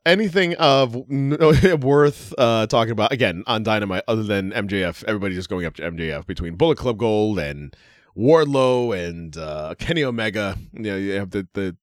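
New guy w a really low voice, laughs a lot, talks halting w lots of uhs, dry close mic. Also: animated, dry recording. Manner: laughs often, halting with fillers. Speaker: podcast co-host. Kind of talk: casual chat.

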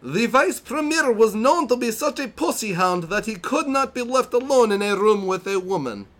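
A man reading lines aloud in a deliberately over-the-top put-on foreign accent, slow and pompous. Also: animated, fairly bright tone. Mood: hammy. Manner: overdone mock accent, slow and high.

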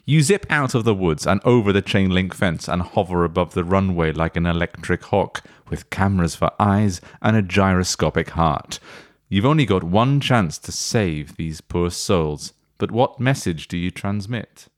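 A man's voice: low-pitched, moderate pace, few pauses, dry recording, studio quality. A man narrating a comedy tabletop game as game master, playful and laughing often.

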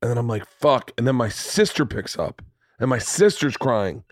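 A man's voice: mid-range voice, moderate pace, dry recording, clean studio sound. A man in his thirties hosting a podcast, telling a story in casual, profane chat and acting out the lines he quotes. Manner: animated, profane storyteller who acts out quotes. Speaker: podcast host. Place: home studio room.

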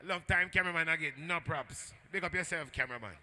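A man with a Jamaican accent working as a sound system MC at a live dance, rowdy and shouting call-and-response to the crowd. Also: on the high side, fast talker. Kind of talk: live dancehall MC hype talk. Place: indoor dance venue at night.

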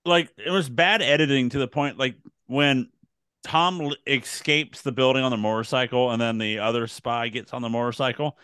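A man co-hosting a casual movie podcast, talking hesitantly and filling his pauses with "um" and "uh". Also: mid-range voice, steady tone, pushed and bright, clean tone, no room sound. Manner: hesitant, many fillers. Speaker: podcast co-host.

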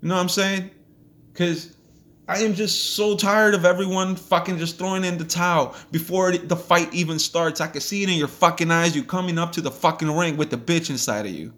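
Profane ranting man, slightly high voice. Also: brisk, a bit bright. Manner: profane, blunt, heated. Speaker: podcast host. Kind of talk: ranting motivational monologue.

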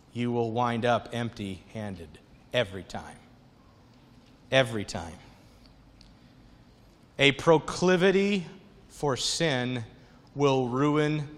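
A male pastor preaching a sermon, animated and conversational as he tells stories. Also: mid-range voice, long reverb tail.

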